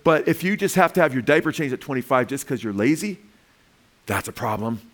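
A man's voice: medium pitch, animated, brisk. A male pastor delivering a sermon in a mid-range voice. He preaches with energy and humor, now and then asking the congregation for an "Amen?".

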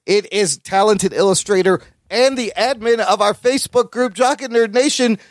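A man with a notably high voice hosts a casual podcast, bantering playfully with his co-hosts. The sound is close and dry, with no room around it. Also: moderate pace, no echo. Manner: playful, upbeat introductions. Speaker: podcast host.

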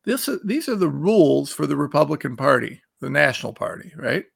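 A man's voice: fairly high pitch, sing-song, a little fast, gravelly, fairly bright tone. A man hosting a political commentary show, ranting angrily and reading out quotes between insults. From Ohio. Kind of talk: fired-up political commentary monologue.

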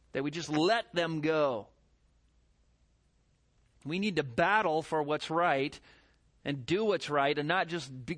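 Man, pastor, sermon, middle-aged, fairly high voice, very lively pitch. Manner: animated preaching, mimicking voices, rhetorical questions.

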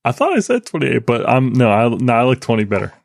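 A man co-hosting a tech podcast, talking in a rambling, enthusiastic, halting way. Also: medium pitch, big pitch swings, creaky, no echo. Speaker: podcast co-host. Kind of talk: casual chat.

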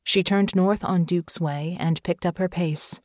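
This is scripted audiobook narration by a woman whose voice sits on the low side. Her reading is even and measured, captured in studio quality without any room sound.

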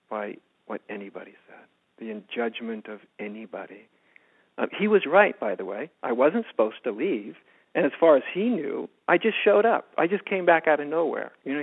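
Soft-spoken man on a tinny phone line. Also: medium pitch. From United States. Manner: soft-spoken, often drops to a hushed voice. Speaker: spiritual teacher, guest. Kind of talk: reflective personal storytelling.

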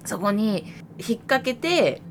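A woman's voice: on the high side, moderate pace, slight background noise. A woman co-hosting a podcast in casual chat, switching between Japanese and English and often laughing. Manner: animated, breaks into laughter. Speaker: podcast co-host.

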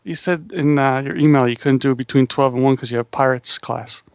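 A man's voice: mid-range voice, steady tone, a little fast, no echo, highs cut off. A man co-hosting a podcast in casual chat, asking dry, offbeat questions. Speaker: podcast co-host.

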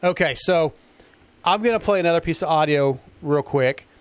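Male host, casual and easygoing, a touch high, resonant, very dry sound. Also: normal speed, clear, resonant tone, dry recording. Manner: relaxed, leading the discussion. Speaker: podcast host. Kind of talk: casual show talk.

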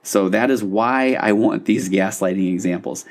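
A man with a slightly low voice hosts a podcast as a marriage therapist. He reads a listener's email and keeps breaking away into loose, conversational commentary. Now and then he drops in a dry aside. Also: normal speed. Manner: conversational, self-interrupting, wry asides.

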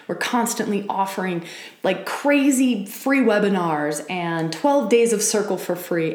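A woman's voice: fairly low pitch, a little mellow, roomy sound. Impassioned woman, spiritual podcast host. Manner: impassioned, voicing prayers aloud, swearing casually. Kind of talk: casual spiritual teaching.

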